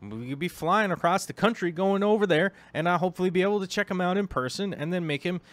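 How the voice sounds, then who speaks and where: A man's voice: high-pitched, fast, few pauses, fairly bright tone, dry recording. Rambling, chatty man vlogging. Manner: rambling, with many filler ums and restarts; chatty asides to the viewer. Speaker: aquarium vlogger. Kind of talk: casual vlog chat.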